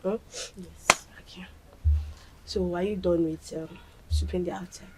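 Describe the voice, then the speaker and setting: A woman's voice: lowish voice, steady tone, a little slow, heavy background noise, natural voice. An actress with a Nigerian accent playing a mother anxiously checking on her daughter, repeating herself insistently.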